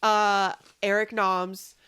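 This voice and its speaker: A woman co-hosting a podcast in casual chat, animated and quick to laugh and agree. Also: medium pitch, clean tone. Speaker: podcast co-host.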